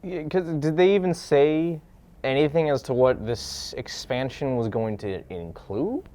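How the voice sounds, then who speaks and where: A man's voice: mid-range voice, a little slow. A man co-hosting a casual gaming news chat, given to dry sarcasm. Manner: sarcastic, animated. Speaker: co-host.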